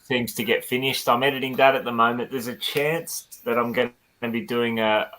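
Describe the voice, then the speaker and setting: A man talks in a relaxed, matey way over a video call. His voice sits at a middling pitch. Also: moderate pace, poor audio. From Australia. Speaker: toy collecting YouTuber. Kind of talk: casual video call chat.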